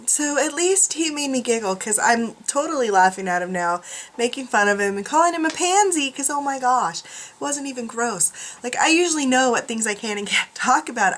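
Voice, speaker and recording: A woman's voice: a little high, fairly bright tone. Chatty, laughing woman vlogger. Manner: chatty, self-mocking, laughs often. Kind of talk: casual chat to camera. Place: room at home.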